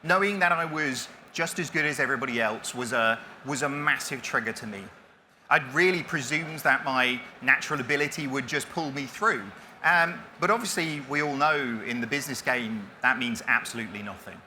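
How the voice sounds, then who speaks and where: A man's voice: mid-range voice, moderate pace, pushed and bright, slight background noise. A man in his forties giving a self-deprecating conference talk, with many restarts as he tells his story. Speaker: keynote speaker. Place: conference stage.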